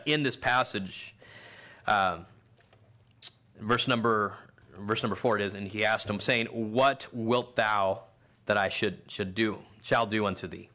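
A man preaching a sermon with a bright, forward voice. He talks in a loose, conversational way. At times he climbs into loud, shouted lines as he acts out the people in the story. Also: lowish voice.

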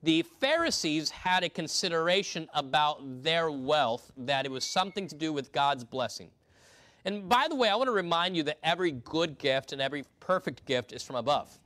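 A man's voice: on the high side, expressive, moderate pace, sharp tone, no echo. A man preaching an earnest sermon to his congregation, often restarting and repeating words as he reads scripture aloud. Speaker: pastor.

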